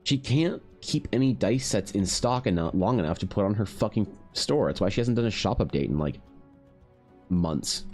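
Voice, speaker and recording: A man with a lowish voice talks loosely to his stream viewers while he works on a drawing. He rambles, restarts his sentences and swears freely, and faint music plays under him. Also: lively intonation, normal speed, a little mellow. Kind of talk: casual chat with stream viewers.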